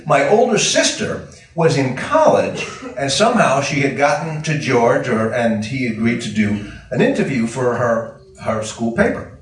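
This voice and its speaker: A man in his sixties telling a casual anecdote in a rambling, halting way. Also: medium pitch, expressive. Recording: echoey room, distant mic.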